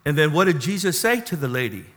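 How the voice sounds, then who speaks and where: A man preaching a sermon, animated, reading scripture and then dropping to a soft, intimate tone. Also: fairly high pitch, fast talker. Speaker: pastor.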